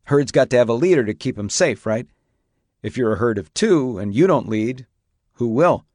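A man's voice: mid-range voice, expressive, normal speed, a little mellow, dry recording, clean studio sound, natural voice. A man voicing a weathered older horseman, barking commands at a rider and then talking him through it plainly and firmly. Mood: patient, firm. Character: weathered older horseman, stern but caring.

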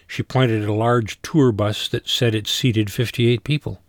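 A man narrating a first-person audiobook story in an even, dry storytelling manner. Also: fairly low pitch, normal speed, hardly any pauses, no echo.

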